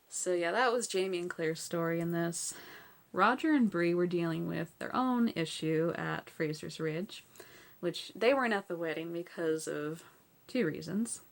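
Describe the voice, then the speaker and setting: A woman talks through a TV episode recap in an easygoing, chatty way, laughing often as she goes. Her voice sits fairly low and has a noticeable gravelly, creaky edge. She keeps filling her talk with casual "like" and "so yeah". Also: unhurried.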